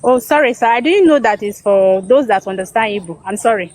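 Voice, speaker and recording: A woman's voice: a little high, expressive, brisk, a little mellow. A woman with a Nigerian accent, calling into a live stream, apologetic and polite and saying sir often. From Kogi State, Nigeria.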